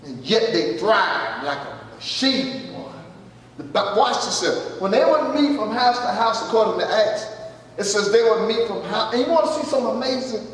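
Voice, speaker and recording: A man's voice: high-pitched, a little fast. A man preaching a folksy sermon and asking his congregation questions. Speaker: pastor. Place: church hall. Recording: echoey church hall from far off.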